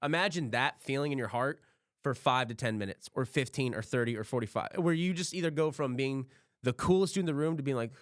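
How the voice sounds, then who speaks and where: A man's voice: mid-range voice, brisk, dry recording, clean studio sound. A man hosting a podcast, telling a rambling story in casual chat, swearing freely and acting out what others said. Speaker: podcast host.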